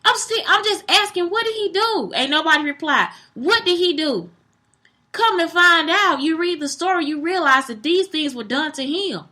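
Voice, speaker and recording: A young woman delivers a casual, blunt monologue, swearing freely and animated throughout. Her voice sits high and sounds bright and forward. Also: normal speed.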